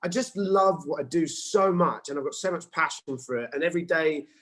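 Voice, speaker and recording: A man's voice: on the high side, brisk, poor audio. A man in his forties from England, a guest in a casual interview, telling stories with animation and acting out quotes. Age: 40s. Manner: animated storyteller, acts out quotes. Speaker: actor and guest.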